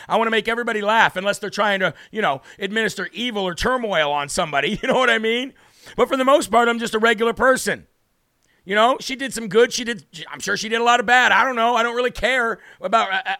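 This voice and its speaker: A high, bright American man's voice, chatty and rambling as he hosts a live online show and calls out viewers by name. His tone is clean and smooth, recorded dry on a close mic with no room sound. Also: no room sound. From United States. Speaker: livestream show host. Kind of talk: casual live-stream talk.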